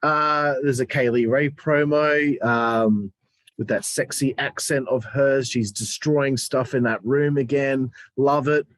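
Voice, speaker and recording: A man's voice: medium pitch, slow pace, dry recording. Teasing man co-hosting a casual review. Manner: teasing, animated banter. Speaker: podcast co-host. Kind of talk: casual wrestling review chat.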